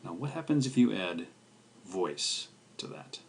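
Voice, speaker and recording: A man delivers a scripted video language lesson, slowly and carefully pronouncing syllables and repeating each one. His voice sits low and is very animated, gravelly, with a breathy edge.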